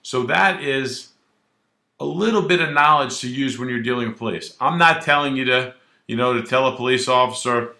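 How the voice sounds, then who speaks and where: A man who is a criminal defense attorney, explaining the law straight to camera in a brash, animated way and acting out little scenes. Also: mid-range voice, moderate pace, creaky, reverberant. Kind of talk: direct-to-camera legal explainer.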